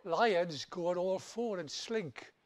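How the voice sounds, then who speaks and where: A man voicing a wise old turtle who gives patient, slow advice. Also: sits high, animated, a little hiss or hum.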